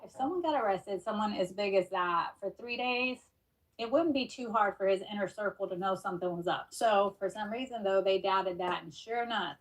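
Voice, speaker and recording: Chatty woman, slightly distant mic. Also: mid-range voice. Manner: chatty and rambling, many fillers. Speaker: criminal defense attorney, commentator. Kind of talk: casual commentary on a news story.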